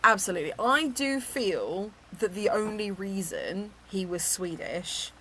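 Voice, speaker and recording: A woman from England hosting a book club chat, animated and teasing, laughing often. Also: mid-range voice, measured pace. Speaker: book club podcast host. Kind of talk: casual chat.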